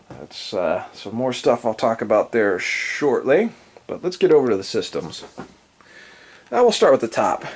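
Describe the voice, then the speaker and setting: A man's voice: medium pitch, darkish tone. A man with a stuffy, congested voice, casually rambling through a tour of his game collection with lots of fillers. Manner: rambling, filler-heavy, enthusiastic about gear. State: congested and breathing heavily from allergies. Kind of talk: casual off-the-cuff tour narration.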